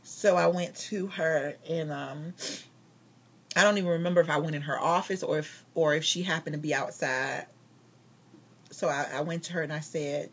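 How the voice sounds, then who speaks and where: A woman's voice: low voice, normal speed, husky. A woman telling a personal church story in casual storytelling style, acting out the dialogue. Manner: animated retelling with quoted dialogue. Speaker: vlogger sharing a testimony.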